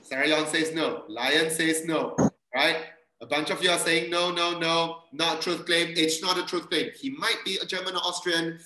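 A man's voice: a little high, steady tone, normal speed, pushed and bright, reverberant, poor audio. A male pastor, giving an interactive sermon and quizzing his congregation. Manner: asks the congregation questions and reads their answers aloud. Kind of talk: interactive sermon with online quiz.

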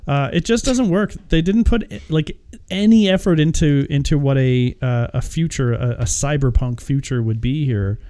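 A man riffing on a film he disliked, his voice mellow and darkish. He stammers through restarts, then launches into exaggerated mock quotes. Loose, swearing podcast banter. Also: medium pitch, normal speed, clear, resonant tone. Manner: animated, mocks with put-on quotes, frequent hesitations. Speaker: podcast co-host reviewing a movie. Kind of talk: casual profane chat.

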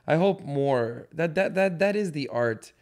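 A man's voice: fairly high pitch, expressive, a little slow, a little mellow. Laid-back slangy male host. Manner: laid-back, slangy, says bro and man. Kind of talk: casual chat.

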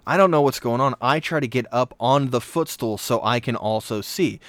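A young man telling a childhood story in a casual chat, animated and self-mocking, with quick asides. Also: mid-range voice, no echo.

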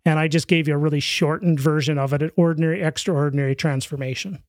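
Upbeat, higher-pitched male podcast guest. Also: fast talker, no room sound. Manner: animated storyteller, acts out quoted voices. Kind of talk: casual storytelling interview.

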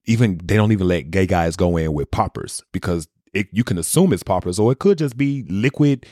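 A man co-hosting a podcast, chatting casually in relaxed slang and chiming in with short reactions. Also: low-pitched, a little fast, no echo, clean studio sound. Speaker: podcast co-host. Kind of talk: casual chat.

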